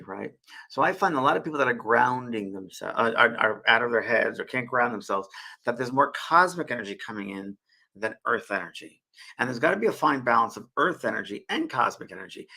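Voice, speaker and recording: A man's voice: mid-range voice, vocal fry, pushed and bright, husky, poor audio. A middle-aged man hosting a spiritual live show, chatty and prone to getting emotional and tearful as he talks to viewers at a desk mic. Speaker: spiritual medium and show host. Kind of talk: casual live-stream talk.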